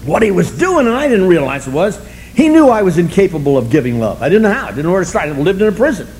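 High-pitched, fast and very animated, yet a touch mellow, an older man shares his story at a recovery meeting. He laughs at himself frequently, using blunt, vivid wording. A rough recording carries slight hiss or hum.

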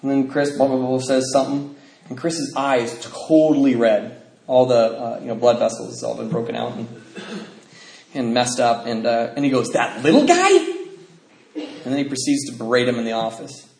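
Man, mid-pitch, testimony-style storyteller; rambling, acts out other voices; echoey room. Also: flat delivery, moderate pace, creaky, darkish tone. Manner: rambling, many restarts, acts out other people's lines. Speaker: speaker sharing a recovery story. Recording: roomy echo, faint noise.

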